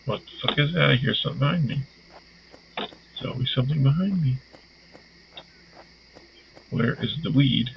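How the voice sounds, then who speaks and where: A man's voice: medium pitch, normal speed, gravelly, pauses often, muffled recording, background noise. A man giving let's-play commentary on a horror game, jumpy and swearing, talking to himself as he plays. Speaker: gaming YouTuber.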